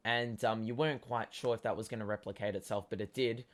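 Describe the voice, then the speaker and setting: A young man with an Australian accent and a voice hoarse from cheering, reviewing a football match casually with lots of ums. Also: on the low side, fast. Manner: excitable fan talk with many ums. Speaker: fan show host.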